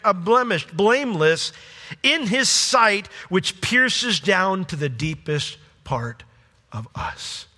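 Male pastor, sermon, fairly high and forceful, big swings between fervor and hush; long church reverb. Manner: impassioned, swings from loud to hushed.

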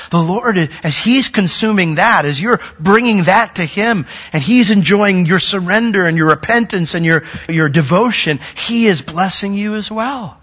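A man preaching a sermon, earnest, growing louder and higher when he acts out a worshipper's doubts. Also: animated, moderate pace, slightly rough. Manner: earnest, rising in pitch and force when acting out a doubting worshipper's words. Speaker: pastor. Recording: dull sound with long hall reverb.

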